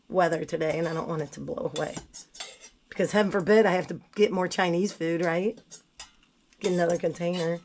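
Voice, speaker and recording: A woman's voice: fairly low pitch, steady tone, brisk, a little mellow, a little hiss or hum. Chatty woman under the weather, kitchen clatter. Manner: chatty, blunt, self-deprecating asides. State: sick, voice not at its best. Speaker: gardening vlogger. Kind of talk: casual kitchen how-to chat. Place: home kitchen.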